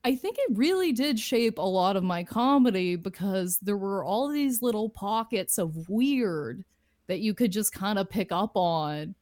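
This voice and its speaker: Casual woman comedian from Ontario, Canada, guesting in an interview, mid-pitched, talking close and dry. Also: animated, a little slow, darkish tone, no room sound. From Lindsay, Ontario, Canada. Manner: chatty, loose, full of "like" and "you know".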